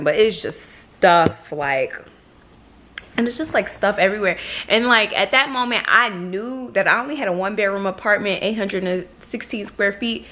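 A woman's voice: medium pitch, fairly bright tone. Chatty young woman vlogger telling a story. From Michigan. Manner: chatty, swears freely, acts out quotes. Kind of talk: casual storytime vlog.

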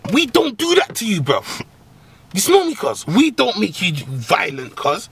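Brief: male comic host, higher-pitched voice, rowdy slang advice rant with squealing laughs. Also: a little slow, gravelly, slightly rough. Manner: slangy, profane, laughing, animated swings into high squeals. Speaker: agony-uncle comedy host.

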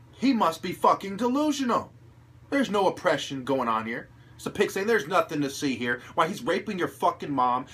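Husky man in a profane rant. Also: a little high. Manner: profane, aggressive ranting, rising to shouts. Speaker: channel host. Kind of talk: angry monologue to camera.

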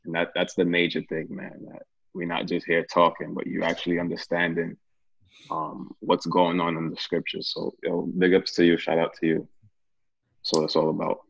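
Deep husky man leading a prayer. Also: monotone, moderate pace, dry recording, dull audio. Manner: earnest, praying with repeated phrases. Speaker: Bible study leader. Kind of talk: casual Bible study chat and closing prayer.

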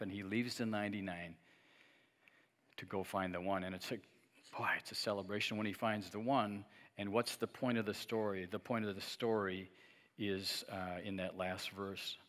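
A man's voice: on the low side, fairly bright tone. A middle-aged man preaching a sermon as pastor, talking conversationally, joking now and then and having the congregation repeat after him. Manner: joking asides with light laughs. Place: church sanctuary. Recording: long reverb of a church hall.

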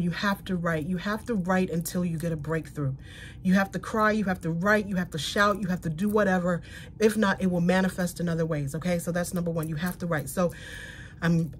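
A woman's voice: on the low side, a little hiss or hum. A woman vlogger talking candidly to her viewers while getting ready at home, emphatic and direct. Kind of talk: casual get-ready-with-me talk.

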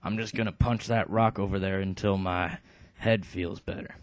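A man voicing a dim-witted, brawny male fighter who talks in a loud, blunt, pushy way. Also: deep voice, steady tone, moderate pace, no echo, close to an everyday voice. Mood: touchy.

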